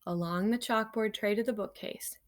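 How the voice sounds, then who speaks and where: A woman teacher reading a children's novel aloud to her class in a lively storytelling manner, breaking off for casual asides to her students. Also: mid-range voice, normal speed.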